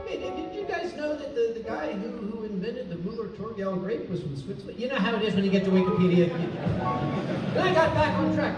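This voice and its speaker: A man's voice: high-pitched, expressive, brisk. A man telling a comic story live on a convention stage, chatty, self-mocking and prone to digressions. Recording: echoey hall, mic from far off, music. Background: soft instrumental music.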